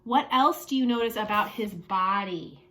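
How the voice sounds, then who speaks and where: A woman teaching a lesson to young children, animated and sing-song, with playful exclamations. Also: medium pitch, normal speed.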